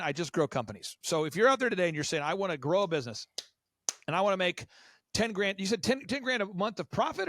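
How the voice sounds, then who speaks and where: A man as a podcast guest, talking business in an energetic, rapid-fire sales pitch. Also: dry recording, studio quality. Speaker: guest entrepreneur. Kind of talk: podcast interview.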